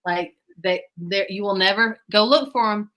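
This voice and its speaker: A woman hosts a relaxed chat. She tells stories in a bright, forward voice and laughs often as she goes. Her pitch sits in a middle range for a woman. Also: normal speed. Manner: animated storyteller who laughs often. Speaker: host. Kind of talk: casual chat.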